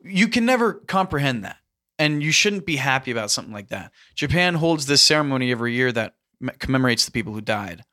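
Earnest man, halting delivery with restarts, bright sound. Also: medium pitch, very animated. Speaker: podcast host. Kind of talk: casual discussion.

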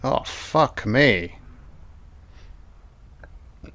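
A man giving a casual, profane audio commentary on a film, reacting excitedly as he watches. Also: medium pitch, drawn-out words, dry recording.

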